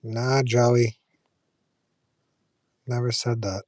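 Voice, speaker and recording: A man's voice: mid-range voice, level tone, extremely slow, a little mellow, dry recording. A man chatting casually with viewers on a live stream, rambling with fillers and restarts.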